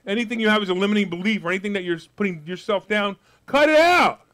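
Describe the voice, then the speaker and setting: A man giving a live motivational money seminar, brash and jokey, with loud outbursts and quiet asides. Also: sits high, steady tone, very fast. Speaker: seminar speaker.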